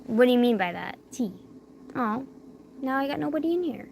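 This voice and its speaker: A woman's voice: sits high, animated, normal speed, creaky, a little hiss or hum. A young woman chatting casually late at night on a livestream. She talks through a barely opened mouth after wisdom teeth surgery and rambles with many fillers. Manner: rambling, filler-heavy, drifting quiet.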